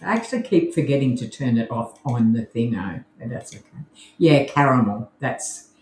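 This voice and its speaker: A man's voice: mid-range voice, lively intonation, moderate pace, slight background noise. A man with an Australian accent co-hosting a podcast in easygoing, rambling casual chat. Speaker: podcast co-host. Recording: roomy echo.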